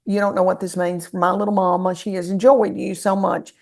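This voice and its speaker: Gravelly Southern woman telling stories. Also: mid-range voice, brisk. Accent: Southern American. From American South. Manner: folksy, animated storyteller. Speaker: guest comedian. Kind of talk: casual storytelling chat.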